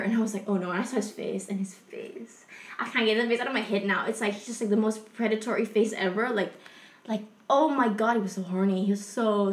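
A young woman telling a personal story in a casual, rambling way, full of fillers, with a soft confessional tone. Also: on the high side, echoey room.

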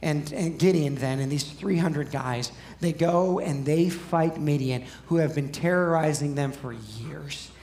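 A man's voice: on the high side, measured pace, hardly any pauses, darkish tone, echoey room, a little hiss or hum. A man preaching a sermon as pastor, talking conversationally and putting questions to his listeners. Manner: conversational, asks the audience questions.

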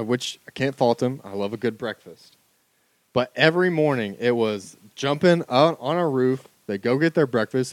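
A man telling a funny story in a casual chat, animated and laughing often. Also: medium pitch, dry recording.

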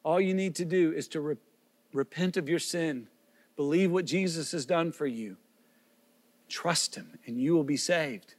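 Earnest pastor preaching in a reverberant hall. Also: male voice, on the high side, measured pace. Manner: earnest, pleading questions, repeated restarts. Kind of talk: sermon.

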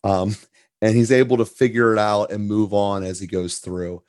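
A man from Pittsburgh answering interview questions in a relaxed, easygoing way, with fillers. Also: lowish voice, moderate pace, no room sound, clean studio sound. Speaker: podcast guest, entrepreneur.

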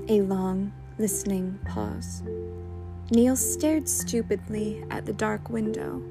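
Woman narrator, slow and unhurried, music bed under the reading. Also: mid-range voice, steady tone, vocal fry, warm tone. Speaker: audiobook reader. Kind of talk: scripted narration.

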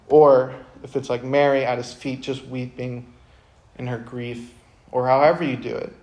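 A young man speaking to a room of high school students. His delivery is casual and earnest, with lots of "um" and "like". He stays quiet and reflective for long stretches, then turns loud and animated when he wants to drive a point home. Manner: casual, earnest, lots of fillers, bursts of energy. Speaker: youth speaker.

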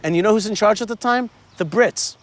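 A man with a notably high voice leads a tour through a historic site outdoors, telling history with animated energy. He tosses quiz questions to his listeners as he goes, while faint music plays underneath. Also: fairly quick. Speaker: tour guide. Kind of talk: history lesson told on a tour.

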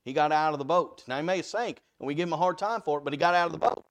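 A man preaching a conversational sermon, animated and full of rhetorical questions to his listeners. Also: on the high side, very fast.

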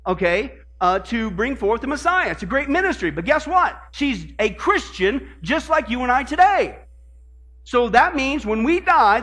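High, bright-voiced preaching man. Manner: emphatic preaching with call-and-response questions to the congregation; reads scripture aloud with sudden drops in pitch and volume for warnings. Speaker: pastor. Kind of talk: sermon.

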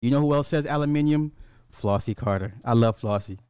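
A man from Illinois, a podcast host, ranting casually in a profane, laughing, animated way. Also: mid-range voice, a little fast, smooth, no room sound, studio quality. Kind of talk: casual comedic rant.

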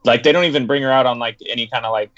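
A man's voice: medium pitch, steady tone, racing, fairly bright tone, muffled recording. A young man co-hosting a podcast, laid-back and agreeable in casual chat. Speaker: podcast co-host.

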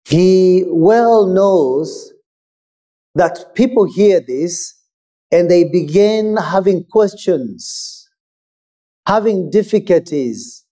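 A man preaching a sermon in a measured, emphatic way with pauses. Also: high-pitched, animated, warm tone.

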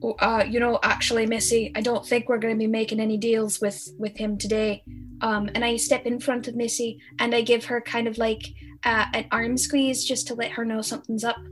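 A woman playing a tabletop game, chatty and excitable. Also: on the high side, fairly quick. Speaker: player. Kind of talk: casual game chat.

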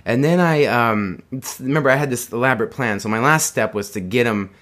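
A man's voice: medium pitch, a little fast, a bit bright. Guy rambling thru a story, laughs a lot, lots of restarts. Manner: rambling, laughing often, acts out voices in quotes. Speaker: guest telling a story. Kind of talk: casual storytelling chat.

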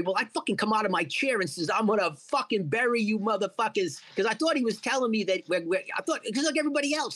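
A middle-aged man telling a story in a casual interview, swearing freely and acting out what people said to him. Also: sits high. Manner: profane, animated storyteller acting out quotes. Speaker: guest, cannabis entrepreneur.

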